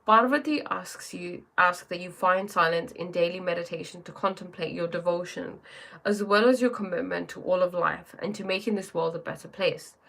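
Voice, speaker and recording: A woman's voice: fairly low pitch, normal speed, vocal fry, a bit bright. A woman hosting a live stream who chats casually, greets viewers by name and reads oracle cards aloud, often restarting her sentences.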